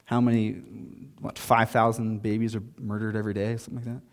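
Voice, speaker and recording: A man in his thirties preaching a sermon in a relaxed, conversational way, with self-deprecating asides. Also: on the low side, fast talker. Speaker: pastor.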